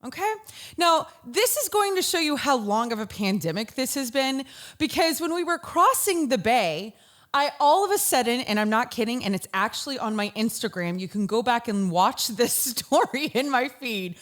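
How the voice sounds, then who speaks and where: A woman, hosting a talk show and telling comedic stories in an animated way. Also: on the high side, normal speed. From Southern United States. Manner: animated storyteller, bursts into shouts. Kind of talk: comedic monologue.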